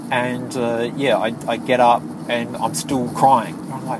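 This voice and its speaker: A man telling a personal story while driving, in a rambling, halting way full of restarts. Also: mid-range voice, little pitch movement. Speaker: vlogger. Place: inside a moving car. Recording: car noise in background. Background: vehicle noise.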